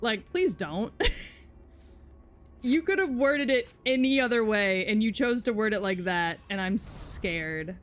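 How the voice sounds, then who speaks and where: A woman's voice: medium pitch, expressive, unhurried, faint music behind. A young woman streaming live, chatting casually while she plays. She sounds exasperated, swearing and blurting out frustrated outbursts.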